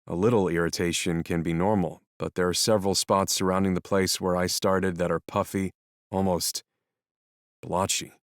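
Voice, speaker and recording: Deep, dry-voiced male narrator, calm and measured audiobook reading. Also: no echo. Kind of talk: first-person scripted narration.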